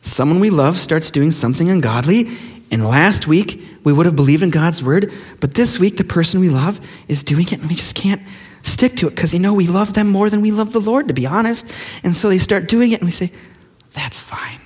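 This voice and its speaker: A man's voice: high voice, fairly quick, darkish tone, slightly rough. A middle-aged man preaching a sermon as pastor, emphatic and mocking as he acts out quoted voices. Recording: long hall reverb.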